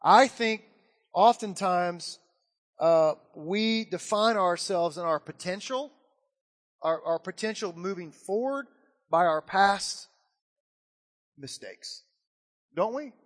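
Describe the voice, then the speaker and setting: A man's voice: high voice, slow pace, pauses often, big-room sound. A man preaching a sermon as pastor, telling a story and acting out its voices. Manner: animated storytelling with acted-out quotes.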